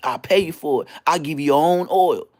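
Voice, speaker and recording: A man's voice: a little high, a little fast, a little mellow, close to an everyday voice. A man voicing an older male inmate who has served a long time and hustles perfume oils, with wheedling sales patter.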